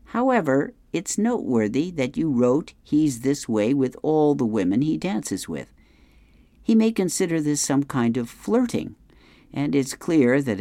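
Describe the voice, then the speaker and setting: Slow, dry man reading the comics. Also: medium pitch, mellow, no echo. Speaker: reader of advice column and comics. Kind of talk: reading newspaper comics aloud.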